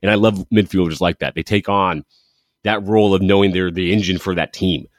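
A man's voice: low voice, fairly even intonation, fairly quick, dry recording, clean studio sound. A man hosting a football show, talking through results with eager, rambling enthusiasm and frequent restarts. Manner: enthusiastic, rambling, self-correcting. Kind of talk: casual sports commentary monologue.

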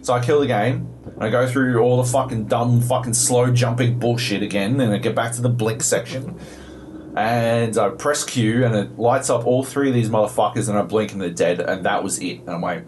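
A man's voice: mid-range voice, moderate pace, a little mellow, a little hiss or hum. A young Australian man co-hosting a podcast, telling a story in a profane, exasperated way. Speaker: podcast co-host. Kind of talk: casual chat about video games.

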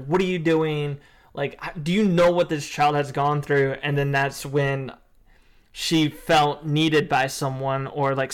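A man's voice: medium pitch, smooth. A man talking casually about an anime, emotive and rambling with many fillers. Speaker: co-host. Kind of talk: casual anime review chat.

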